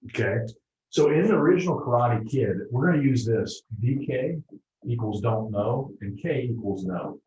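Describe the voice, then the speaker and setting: Animated man in an echoey room. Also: medium pitch. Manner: animated, keeps checking in with the audience. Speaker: motivational speaker. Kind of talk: motivational seminar talk to a live group. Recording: roomy, dull lo-fi room recording.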